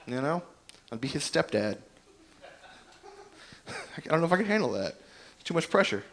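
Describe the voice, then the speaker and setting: A man's voice: fairly high pitch, big pitch swings, normal speed, fairly bright tone, a little hiss or hum. A man doing an open-mic stand-up set, telling rambling, self-deprecating stories with plenty of fillers. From Indiana. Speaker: stand-up comedian.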